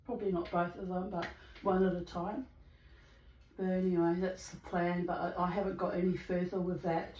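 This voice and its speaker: A woman's voice: fairly low pitch, flat delivery, moderate pace, darkish tone, echoey room, poor audio. A woman vlogger telling stories casually from a room at home full of bird cages, laughing often and acting out the people in them. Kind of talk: casual storytelling.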